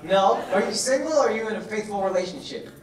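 A man's voice: high-pitched, lively intonation, fast talker, very noisy. A male stand-up comedian doing crowd work, brash and profane, teasing people in the audience. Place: comedy club stage. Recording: echoey club from a distance, loud crowd. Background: crowd laughter.

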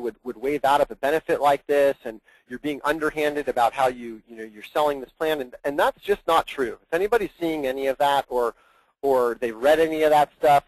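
A man with a somewhat high voice explains an administrative process on a training call. He is earnest and thorough, often doubling back on his words, and the sound is dry and close. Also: darkish tone, no room sound, poor audio. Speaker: plan administrator guest.

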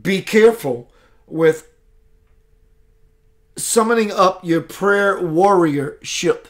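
A man hosting a live spiritual broadcast who talks in a slow, emphatic, preacherly way and reads out viewer comments. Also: sits high, a bit bright. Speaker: spiritual show host.

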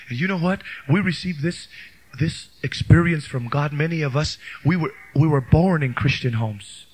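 A male pastor preaching a bilingual sermon, switching between English and Spanish and building to shouted praise, on an old cassette tape recording. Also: a little high, normal speed, slight background noise. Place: church youth camp service.

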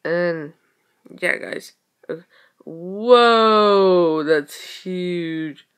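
A young woman giving casual game commentary, excitable, exclaiming and muttering to herself as she plays. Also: on the low side, extremely slow, clean tone. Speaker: gaming video creator.

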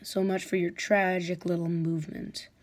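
A woman's voice: fairly low pitch, little pitch movement, moderate pace, lightly acted. Woman doing a sneering, cruel dragon warlord. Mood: taunting. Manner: sneering, taunting.

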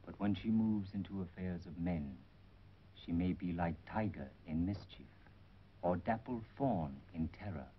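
An actor playing a watchful, calculating male spy who speaks in measured, formal broken English and proverbs, in 1930s film acting on a dull 1930s film soundtrack. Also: deep voice, a little hiss or hum.

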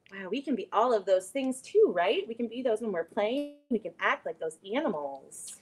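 A woman hosting a children's storytime, reading a picture book and singing action songs in a playful, animated way. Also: on the high side, moderate pace, few pauses, breathy edge. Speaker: library storytime host.

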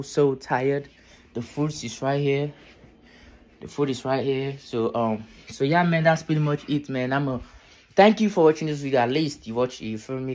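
A tired young man vlogging from his bedroom at night, keeping his voice low and repeating himself. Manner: tired, quiet near-whisper, repetitive. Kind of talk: casual vlog talk to camera.

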